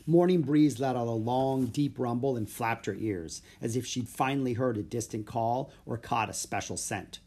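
A man narrating a children's audiobook in a steady, plain storytelling voice. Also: medium pitch, moderate pace, hardly any pauses, breathy edge.

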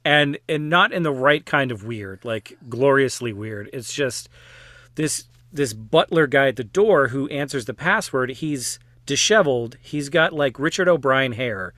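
A man's voice: mid-range voice, expressive, measured pace, a bit bright, dry recording. A man chatting casually and wryly about a film on a podcast, with plenty of fillers. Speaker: podcast guest or co-host.

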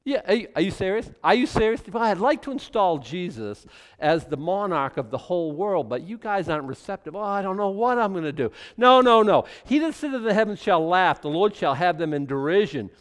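Male preacher, chatty verse-by-verse teacher, voice sitting a bit high and swinging a lot. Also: brisk, long reverb tail. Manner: animated and conversational, with repeated restarts. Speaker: pastor teaching a Bible study. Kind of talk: sermon-style verse-by-verse teaching.

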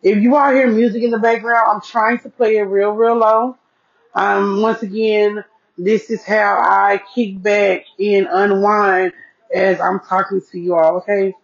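A woman's voice: mid-range voice, little pitch movement, measured pace. A woman hosting her solo podcast, chatting folksily into an earpiece mic and often checking in with "okay?". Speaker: podcast host. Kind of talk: casual solo podcast chat. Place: seated at home with devices. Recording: dull lo-fi sound.

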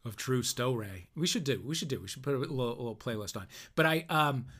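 A man's voice: mid-range voice, expressive, a little fast, fairly bright tone. Dry, sardonic man in casual chat. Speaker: podcast co-host.

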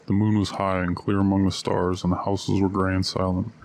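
A man reading a story aloud at a steady, measured pace. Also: low voice, vocal fry. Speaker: narrator. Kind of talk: audiobook reading.

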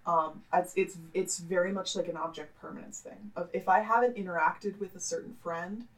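A woman's voice: fairly low pitch, fairly even intonation, normal speed, low-quality recording. A young woman in casual conversation, rambling with fillers and poking fun at herself. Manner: rambling, fillers, self-mocking. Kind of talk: casual chat.

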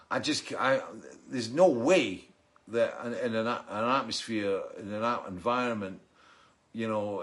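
A middle-aged man, a musician, hosting a casual weekly livestream and reading out viewer comments. He rambles and chats, restarts his sentences and laughs often. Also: on the low side.

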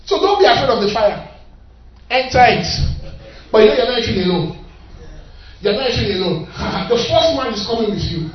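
A high-voiced man preaches with lively, swooping emphasis, rising to shouts and repeating his lines. He is picked up from a distance, and the sound is dull and echoey, as in a large church hall. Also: brisk. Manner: emphatic, repeats phrases, shouts at peaks, reads scripture aloud. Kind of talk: sermon.

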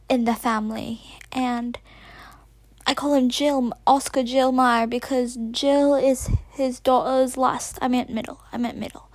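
Host, female, high voice, put-on British accent, nervous rambling delivery with whispered asides, dry close sound. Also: darkish tone, dry recording. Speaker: podcast host. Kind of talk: casual rambling monologue.

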